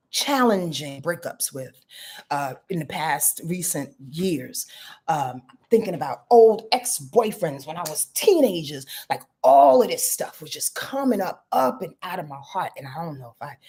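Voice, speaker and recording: Husky-voiced woman, candid and swearing. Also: deep voice, darkish tone. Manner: candid, blunt, swears freely, rambling. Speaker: astrologer. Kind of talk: casual confessional vlog monologue.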